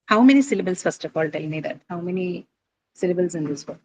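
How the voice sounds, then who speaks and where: A woman's voice: lowish voice, lively intonation, fast talker, a little mellow, husky, poor audio. A woman teacher walks a class through word stress. She speaks in a patient, explanatory way and scatters fillers as she thinks aloud. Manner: patient, explanatory, many fillers like uh and you know.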